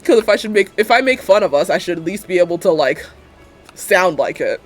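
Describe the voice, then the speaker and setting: A woman's voice: on the low side, lively intonation, fairly quick, soft background music. A young woman live-streaming a building game, chatting casually and sarcastically and laughing often.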